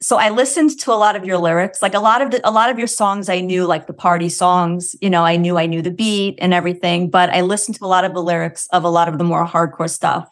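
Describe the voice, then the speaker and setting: A woman's voice: fairly low pitch, steady tone, quick pace, few pauses. A woman hosting an interview, asking careful, thoughtful questions with frequent restarts. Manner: thoughtful, hesitant, many restarts and "like". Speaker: podcast interview host.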